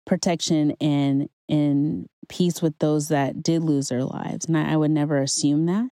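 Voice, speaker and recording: A woman with a low, deep voice shares a personal testimony with her viewers, casual but heartfelt. The recording is dry and close, with no room sound around her. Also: warm tone, dry recording. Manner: earnest, conversational, faith-filled. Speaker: vlogger.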